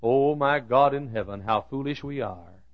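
A man preaching a sermon, telling a Bible story with dramatic swings from loud declarations to hushed asides. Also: mid-range voice, normal speed, muffled recording. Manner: acts out the Bible characters' lines.

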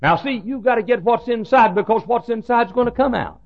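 A man preaching a sermon, telling a folksy story in an animated way that builds suspense. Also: extremely high pitch, a little fast, gravelly. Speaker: pastor. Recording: dull lo-fi sermon recording.

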